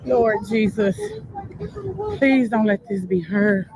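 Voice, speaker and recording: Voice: medium pitch, slow, darkish tone, poor audio. A person praying aloud and pleading while livestreaming outdoors on a city street. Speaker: livestreamer at a scene. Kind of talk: emotional live stream. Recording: phone livestream with street noise.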